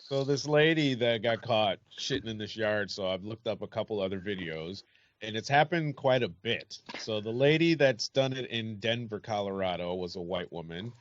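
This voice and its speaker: Low-voiced man, laid-back and profane. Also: lively intonation, moderate pace, muffled recording. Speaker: podcast co-host. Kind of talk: casual chat.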